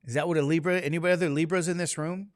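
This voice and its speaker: A man's voice: a little high, steady tone, racing, no room sound. Man lecturing a class, dry sound. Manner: conversational, keeps quizzing the class with questions. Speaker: statistics teacher.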